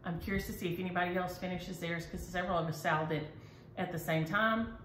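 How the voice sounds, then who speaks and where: A middle-aged woman with a fairly low, slightly bright voice chats briskly and enthusiastically as she shows her needlework on her vlog. The setting is an echoey room with faint ambient noise.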